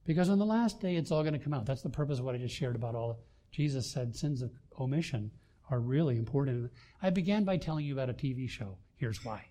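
An older man preaching a sermon, swinging between loud emphasis and quiet asides. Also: medium pitch, expressive, fast talker. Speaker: pastor.

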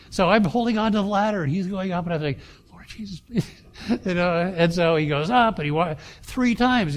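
A middle-aged man, a pastor, telling a personal story in a sermon, halting with many fillers and restarts. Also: high voice.

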